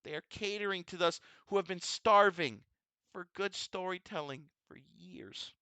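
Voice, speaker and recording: A man's voice: sits high, moderate pace, pushed and bright, smooth, dry recording. A man gushing emotionally as a fan, emphatic and repetitive, swearing freely as he praises a show. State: emotional, overwhelmed. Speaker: vtuber host reviewing a tokusatsu episode. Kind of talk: excited fan commentary.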